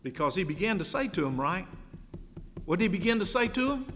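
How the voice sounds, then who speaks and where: High, lively preacher man in an echoing hall. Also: fairly quick, slight background noise. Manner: emphatic, rising to loud exhortation. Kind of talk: sermon.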